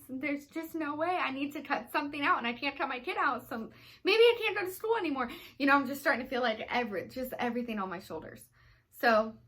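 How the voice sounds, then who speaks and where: A woman's voice: on the high side, a bit bright. A young woman vlogger telling a personal story in a rambling, emotional way, full of "you know" fillers. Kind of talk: storytime vlog.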